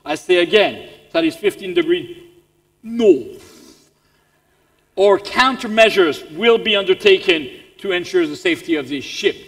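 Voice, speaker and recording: A man's voice: high-pitched, lively intonation, measured pace, a bit bright, exaggerated voice. A man with a French accent voicing a pompous, commanding British naval captain over the radio. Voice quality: commanding, self-important. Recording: long reverb in a large hall.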